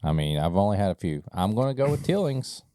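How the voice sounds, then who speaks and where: A man's voice: on the low side, sing-song, fast talker, warm tone, no echo, clean studio sound. A man co-hosting a podcast, chatting casually and joking around with crude humor. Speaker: podcast co-host. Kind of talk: casual chat.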